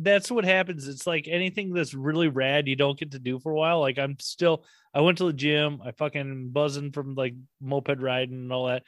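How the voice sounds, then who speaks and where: A man's voice: medium pitch, moderate pace, fairly bright tone, no echo, studio quality. A young man hosting a podcast, talking in a casual, rambling and enthusiastic way, swearing often. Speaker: podcast host. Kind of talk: casual chat.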